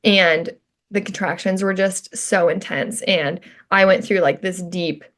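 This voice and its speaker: A woman guest on a podcast telling her own story casually, chatty and quick to laugh, with lots of filler words. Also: on the low side, steady tone, fairly bright tone.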